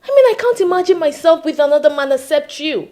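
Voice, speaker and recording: A woman's voice: medium pitch, very animated, slow, dark tone. An actress playing a young woman with a Nigerian accent who teases her boyfriend with laughs. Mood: teasing. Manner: teasing, laughing.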